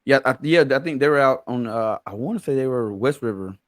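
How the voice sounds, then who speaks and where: A man's voice: medium pitch, no echo. A man hosting a podcast, chatting casually and reacting with short laughs. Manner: relaxed, quick reactions, laughs along. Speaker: podcast host. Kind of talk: casual interview chat.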